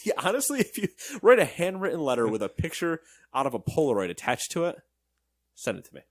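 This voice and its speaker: A man's voice: a little high, no echo. A man co-hosting a gaming news show, reading headlines and joking around in casual banter. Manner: joking, animated, quick asides.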